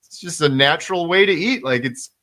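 A man's voice: fairly high pitch, animated, fairly quick, sharp tone. A man hosting a casual interview chat, talking with emphatic enthusiasm and repeating words for stress.

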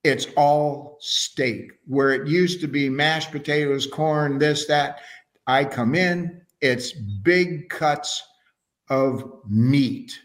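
A man's voice: on the high side, drawn-out words. A man talking as an interview guest, telling stories in an enthusiastic, casual way with frequent restarts. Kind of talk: casual conversational storytelling.

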